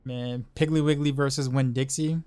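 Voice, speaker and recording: A man's voice: medium pitch, steady tone, normal speed, mellow, smooth. A man chatting casually while streaming a game. He laughs often and repeats himself. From Southeastern United States. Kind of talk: casual chat while gaming.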